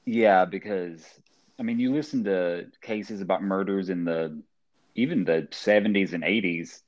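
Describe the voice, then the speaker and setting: A man's voice: low voice, measured pace, dull audio. A man co-hosting a casual true-crime podcast, thinking aloud and hesitating. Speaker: podcast co-host.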